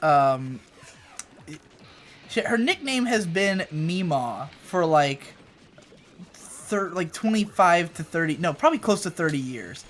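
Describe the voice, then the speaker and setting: This co-host, a young man in a casual gaming chat at home, meanders through a tale full of loose cursing and playful overstatement. He talks slowly with long pauses, his fairly bright, somewhat high voice rising and falling lively over slight background noise.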